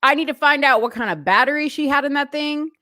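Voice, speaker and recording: A woman vlogger telling a story in a casual, animated rant full of asides. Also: high-pitched, quick pace, no echo, clean studio sound. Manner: chatty, animated retelling with asides.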